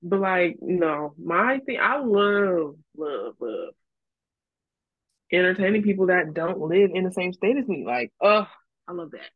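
A woman's voice: on the low side, animated, a little slow, dry recording. Young woman on a tinny, dry line. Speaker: podcast co-host. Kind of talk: casual chat. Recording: dry, phone-like lo-fi sound.

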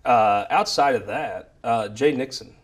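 A man's voice: mid-range voice, unhurried. A man hosting a political panel show, joking and rambling from topic to topic. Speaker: show host.

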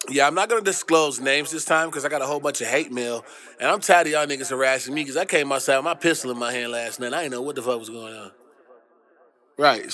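A man's voice: medium pitch, sharp tone. A young adult man hosting a casual commentary monologue, ranting loosely with heavy slang and profanity. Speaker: host.

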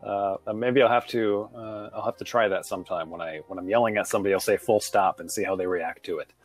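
A man with an American accent, chatting casually as a guest teacher, relaxed and thoughtful, often pausing on fillers. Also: on the low side. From United States. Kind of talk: casual conversational chat.

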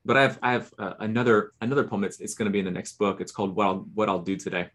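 A fairly low-voiced man, earnest and a bit halting, talking over his poems in a casual podcast. He restarts his sentences often as he feels his way. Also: fairly even intonation, a bit bright. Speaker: poet and podcast co-host.

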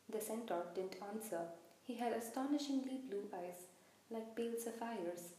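A woman narrating a storybook in a measured, expressive reading. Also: fairly high pitch. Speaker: audiobook narrator. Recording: very echoey room, faint hiss.

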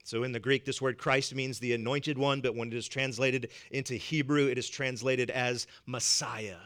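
A man's voice: mid-range voice, fairly even intonation, normal speed, a bit bright. A man with a Southern US accent preaching a sermon as pastor, emphatic and repeating words for weight, chuckling between points. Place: church.

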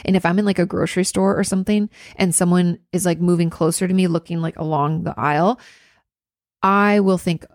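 A woman's voice: on the low side, steady tone, brisk, darkish tone, no echo, studio quality. A woman therapist casually answering viewer questions, chatty and full of "like" fillers. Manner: conversational, many "like" fillers.

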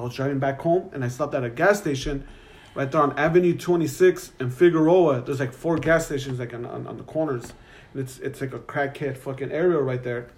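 A young man, telling a profane, animated story as a podcast co-host. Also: on the high side. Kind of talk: casual storytelling.

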